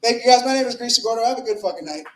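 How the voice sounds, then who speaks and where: A man with a very high-pitched, animated and slightly bright voice races through a crude, rambling open mic stand-up set in a comedy club before a live audience. Speaking into a stage mic, he uses filler words and his volume swings, with roomy club echo on the recording.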